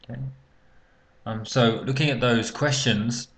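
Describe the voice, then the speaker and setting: A man's voice: medium pitch, steady tone, measured pace, fairly bright tone. A man teaching an English speaking exam lesson, talking unscripted and hesitantly with many fillers and restarts.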